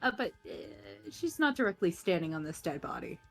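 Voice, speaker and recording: A woman playing a tabletop game, expressive and swearing freely as she talks through her turns. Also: on the low side, a little fast, creaky, soft background music. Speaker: player. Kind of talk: casual tabletop game play.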